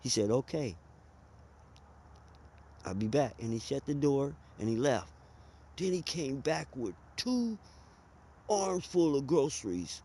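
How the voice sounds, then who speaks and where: A man's voice: mid-range voice, big pitch swings, slow pace, pauses often, mellow, husky. A man, telling a personal story in a conversational, emphatic way. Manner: conversational, emphatic, drawls and speeds up.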